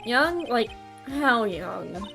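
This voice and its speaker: Flustered young male lawyer, exasperated, high-ish and animated; a woman reads him. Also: extremely slow, gravelly, over music, exaggerated voice. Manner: exasperated and grumbling. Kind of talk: reading game dialogue aloud.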